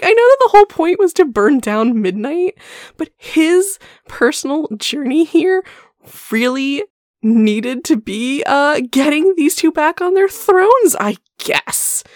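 A woman's voice: high voice, very animated, slow, a little mellow, no echo, clean studio sound. A woman co-hosting a podcast, chatting casually and mockingly about a book, laughing often and swearing. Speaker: podcast co-host. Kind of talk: casual book-discussion chat.

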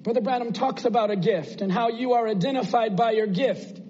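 A man's voice: extremely high pitch, brisk, dark tone, dull audio, a little hiss or hum. A man preaching a sermon in an earnest, conversational way, asking his listeners rhetorical questions.

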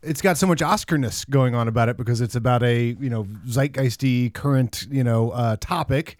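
A man's voice: medium pitch, normal speed, no room sound. A man co-hosting a casual movie podcast, musing and rambling with restarts. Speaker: podcast co-host.

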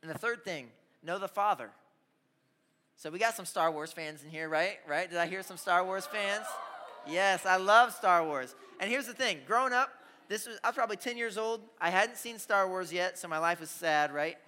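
A young man preaching a youth sermon, telling stories with lively asides and calling out to the audience. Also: high-pitched, moderate pace. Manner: energetic storytelling with audience call-outs. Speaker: youth pastor. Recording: hall reverb.

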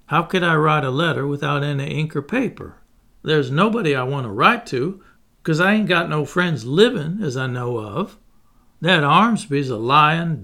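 A man's voice: fairly high pitch, gravelly, bright, forceful tone, full character voice. A man voicing an enslaved man who pleads earnestly with his master, claiming innocence.

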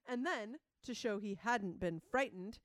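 Woman cohost chatting casually, smooth clear voice, dry close sound, thinks things through out loud. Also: medium pitch, lively intonation, a little slow, no room sound. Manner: thoughtful, analytical, reads quotes aloud. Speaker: podcast co-host. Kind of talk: casual chat.

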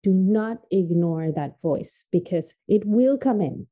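Podcast guest, woman from Tanzania: earnest, emphatic storyteller with a mellow voice. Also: animated, takes it slowly, poor audio. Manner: earnest and emphatic, drops soft and low on painful points. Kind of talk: heartfelt personal storytelling.

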